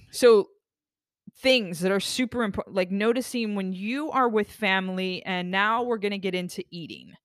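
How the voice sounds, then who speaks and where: A woman hosting a self-help talk podcast, speaking earnestly in a rambling, expressive way. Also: mid-range voice, moderate pace, no room sound, studio quality. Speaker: podcast host.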